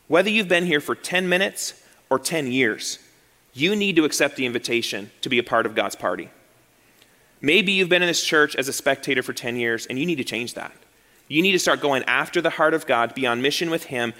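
High, bright pastor preaching. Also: male voice. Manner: animated, acts out excuses in quoted voices. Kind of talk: sermon. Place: church sanctuary. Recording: long hall reverb.

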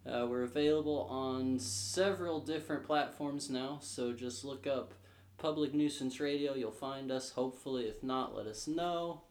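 A man's voice: medium pitch, normal speed, darkish tone. A man hosting a casual podcast chat, laid-back and tired, with many fillers. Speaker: podcast host. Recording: echoey room with faint noise.

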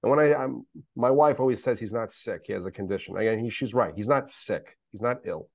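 A man's voice: fairly low pitch, a little fast, vocal fry, dry recording. A middle-aged man, a guest on a podcast, talking candidly and emphatically, repeating himself and swearing now and then. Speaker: podcast guest, special needs father. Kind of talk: candid conversational interview.

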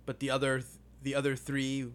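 A man's voice: mid-range voice, monotone, brisk. A man co-hosting a book podcast, casually retelling scenes and acting out characters' lines. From New York. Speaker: podcast co-host.

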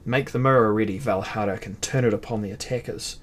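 A man's voice: fairly low pitch, fairly quick, a little hiss or hum, natural voice. Erkun, a man playing a boastful demon-lord prince. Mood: commanding. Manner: boastful, barking commands. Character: arrogant cruel male demon-lord prince.

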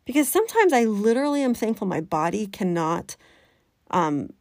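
Animated chatty woman coach. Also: mid-range voice, normal speed, dry recording, clean studio sound. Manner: animated, chatty, breaks into voices of her inner critic. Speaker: life coach. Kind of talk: coaching podcast talk.

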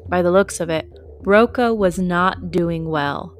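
A woman narrating a story audiobook at a steady storytelling pace. Her voice sits slightly low, and soft music plays faintly behind her. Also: a little slow.

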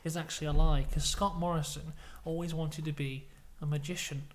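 A British man co-hosting a podcast, telling a made-up comic story in a playful, deadpan way. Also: fairly high pitch, fairly quick, slight background noise. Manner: playful, deadpan tall tales. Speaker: podcast co-host.

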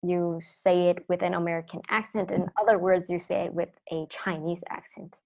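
A woman's voice: fairly low pitch, fairly even intonation, moderate pace, vocal fry. Chatty woman hosting a podcast. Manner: chatty, leans on the word "like", friendly sign-off. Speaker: podcast host. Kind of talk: casual chat.

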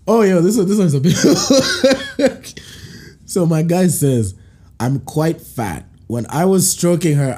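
Male podcast host from Kenya, husky and animated, slow and slangy, laughing through listener stories. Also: mid-range voice. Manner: animated, laughs often, acts out reactions; slangy banter. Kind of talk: casual chat, reading listener stories aloud.

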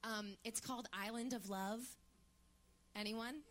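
A woman in her thirties co-hosting a live podcast on stage, chatty and animated. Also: fairly high pitch, unhurried. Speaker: podcast co-host. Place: theater stage before a live audience.

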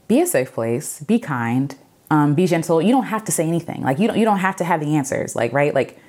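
A woman sharing her own story in an earnest, reflective way, with many fillers and repeated phrases, and gentle pleading advice. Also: low voice, sing-song, brisk. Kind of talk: personal testimony to camera.

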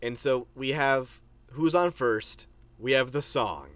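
A co-host on a casual movie-review podcast, reacting excitably and leading into new topics. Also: medium pitch, takes it slowly.

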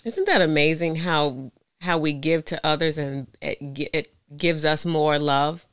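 A woman's voice: deep voice, a little slow, a bit bright, clean tone, no echo, studio quality. A woman in her forties hosting a podcast, effusive and openly emotional in conversation. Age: 40s. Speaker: podcast host.

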